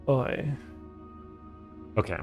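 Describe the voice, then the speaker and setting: Faint music plays behind a man speaking very slowly as he streams a game for his first time. His casual commentary has him thinking out loud, chatting with viewers, and swearing freely.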